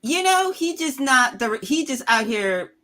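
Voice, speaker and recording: A woman's voice: sits high, measured pace. A woman film critic in a casual podcast roundtable, telling stories animatedly, laughing often and acting out the people she quotes. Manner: animated storytelling, acts out quoted characters.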